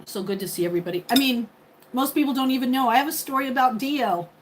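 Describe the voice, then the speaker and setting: Woman, fifties, livestream host, casual chatty talk, somewhat high pitch. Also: fast talker. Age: 50s. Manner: chatty, thanks viewers by name. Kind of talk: casual live chat with viewers. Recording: faint background noise.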